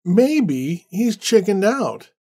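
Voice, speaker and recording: A man's voice: medium pitch, lively intonation, slow pace, gravelly, a little mellow, slightly rough, exaggerated voice. A man voicing a cynical, sarcastic man with a mocking way of talking. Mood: sneering. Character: sneering cynical man, shaken later.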